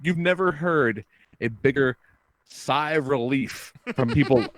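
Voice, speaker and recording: Profane, animated storytelling man. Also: mid-range voice, a little slow, no room sound. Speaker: podcast host. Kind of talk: casual storytelling chat.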